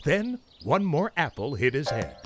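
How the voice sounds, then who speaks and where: A man narrating a children's storybook in an animated, expressive way. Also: fairly high pitch, a little slow. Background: music.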